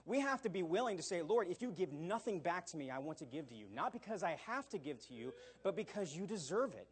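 A man in middle age preaches a sermon in a high voice with a husky, breathy edge. He talks animatedly, acting out quotes and tossing in "all right?" to keep the room with him. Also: big pitch swings, fast. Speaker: pastor.

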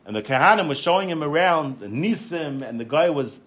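High-voiced man teaching a Torah class. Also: brisk. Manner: animated, repeats words, many fillers and restarts. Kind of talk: Torah lecture with storytelling.

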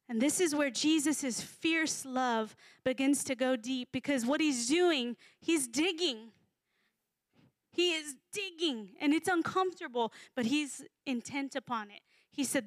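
A woman giving a sermon in a conversational, animated way, sometimes acting out voices. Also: sits high, a little slow, dry recording. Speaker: preacher.

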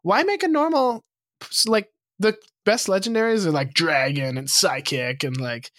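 A man's voice: high voice, fairly bright tone, no echo. A young man co-hosting a casual podcast, joking, laughing often and acting out quoted lines. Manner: jokey, quick to laugh, acts out quotes. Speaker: podcast co-host.

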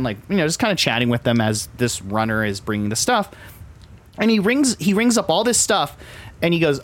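A man's voice: on the high side, animated, fairly quick. A man hosting a podcast, telling rambling stories in casual chat with many fillers. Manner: rambling storyteller, heavy use of filler "like". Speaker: podcast host.

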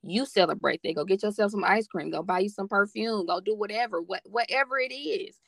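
A woman's voice: mid-range voice, fairly quick, creaky, a bit bright, dry recording. A woman talking as a podcast guest in a casual, heartfelt chat, earnest and encouraging, repeating phrases for emphasis.

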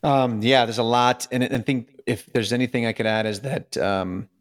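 A man's voice: medium pitch, steady tone, moderate pace, no echo, studio quality. A man co-hosting a casual podcast discussion, talking earnestly, restarting his sentences often and asking rhetorical questions. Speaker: podcast co-host.

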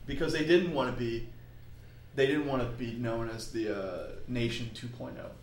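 A man's voice: medium pitch, moderate pace. A man co-hosting a casual chat, rambling and often restarting his sentences. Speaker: podcast co-host. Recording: roomy echo with faint ambience.

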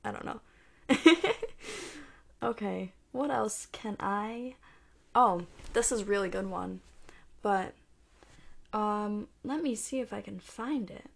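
A woman's voice: mid-range voice, unhurried, gravelly. A woman who is losing her voice, chatting casually as a podcast host and reading her own poems aloud. She is self-deprecating and often trips over her words.

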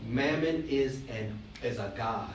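A man's voice: mid-range voice, slow pace, a little hiss or hum. A man from Alabama, preaching a sermon as pastor, emphatic and joking, asking the congregation questions. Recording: roomy, distant mic, faint ambience.

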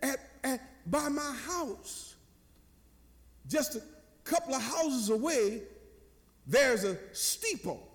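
A man's voice: very high voice, expressive, long reverb tail, pitched above the performer's own voice, exaggerated voice. A man doing a crying lost five-year-old boy. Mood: timid. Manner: crying, whimpering, halting.

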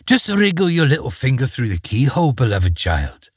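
A man's voice: mid-range voice, big pitch swings, normal speed, husky, no room sound, studio quality. A man voicing a cunning, murderous queen who speaks with false sweetness in a storybook reading. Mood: coaxing.

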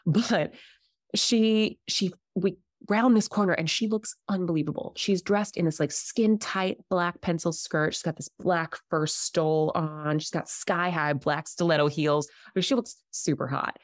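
A woman in her thirties tells a personal story with lively, animated energy, putting on voices for the people she quotes. Her voice sits low for a woman. The sound is close and dry, with no room echo. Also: measured pace. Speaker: podcast guest, Reiki healer. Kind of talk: casual storytelling.

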